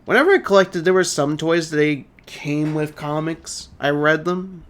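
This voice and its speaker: A man's voice: a little high, lively intonation, moderate pace. Chatty young streamer guy. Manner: chatty, rambling, reads out chat. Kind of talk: casual let's-play commentary.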